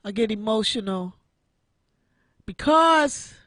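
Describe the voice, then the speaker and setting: A woman's voice: fairly high pitch, expressive, takes it slowly, a bit bright, dry recording, clean studio sound. A woman in her sixties hosting an online radio show, giving an emotional personal testimony and repeating her phrases like a preacher. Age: 60s. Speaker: internet radio show host.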